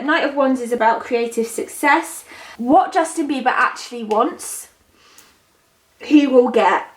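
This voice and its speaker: Chatty higher-voiced woman reading tarot. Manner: chatty and rambling, with frequent ums. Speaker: psychic tarot reader. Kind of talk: casual tarot reading monologue.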